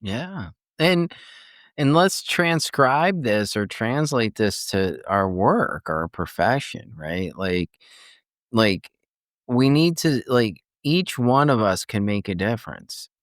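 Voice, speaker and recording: A man in his fifties tells a personal story as a podcast guest, chatty and animated, often restarting his sentences. His voice sits on the low side. The recording is dry, with no room echo. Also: slow pace. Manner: animated storyteller, loose and chatty, restarts often and acts out other people's words. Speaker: guest, transformational coach and former nurse.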